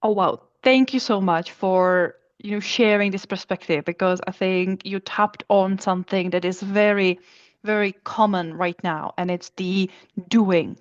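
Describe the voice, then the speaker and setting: A woman's voice: medium pitch, fairly even intonation, measured pace, no room sound, muffled recording. A woman co-hosting a podcast, responding to her guest in a thoughtful, appreciative way. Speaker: podcast co-host. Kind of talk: podcast interview.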